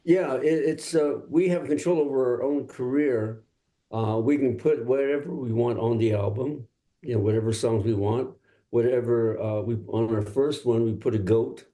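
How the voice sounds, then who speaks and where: An older male singer-songwriter from Los Angeles, telling stories in a relaxed interview and laughing often. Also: mid-range voice, normal speed. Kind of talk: casual interview talk.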